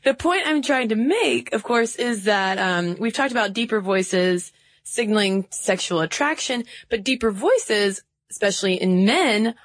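A woman's voice: mid-range voice, expressive, a little slow, no room sound. A woman from the Southern United States co-hosting a podcast, explaining research in a casual chat and laughing easily. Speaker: podcast co-host.

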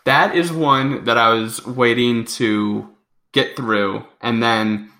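A man's voice: mid-range voice, steady tone, takes it slowly, bright, forceful tone. A young adult man co-hosting a podcast, chatting casually and rambling with frequent self-corrections. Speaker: podcast co-host. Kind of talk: casual chat.

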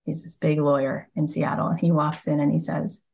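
A woman's voice: sits low, moderate pace, vocal fry, husky, rough recording. A woman podcast host telling a story in a casual monologue, acting out the people she quotes, with lots of "like" and "he goes.". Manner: lively storyteller who acts out quoted speakers.

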